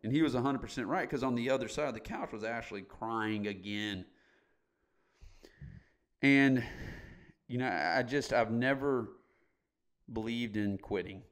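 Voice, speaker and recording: A man's voice: medium pitch, a little slow, pauses often. A middle-aged man as a podcast guest, candidly telling his story in a blunt, emphatic way and swearing casually.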